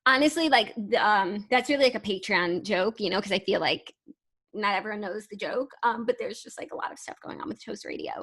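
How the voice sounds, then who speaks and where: A woman's voice: medium pitch, fairly quick, a bit bright, husky. A young woman co-hosting a podcast, chatting in a rambling way with many restarts. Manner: rambling, self-interrupting, reads stories aloud. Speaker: podcast co-host. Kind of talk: casual chat.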